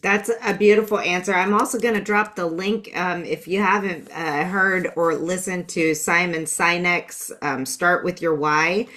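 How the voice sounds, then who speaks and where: A woman's voice: fairly low pitch, steady tone, measured pace, hardly any pauses, a bit bright. A woman hosting an online summit session, effusive with her thanks and praise. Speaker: event host. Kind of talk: hosting a live online event.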